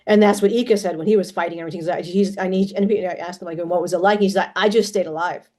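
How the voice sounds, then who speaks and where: A woman's voice: lowish voice, fairly even intonation, very fast, dark tone. Rambling woman with frequent restarts. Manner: rambling, many restarts and repeated words, clears throat often. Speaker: channeler telling personal stories. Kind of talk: casual spoken monologue.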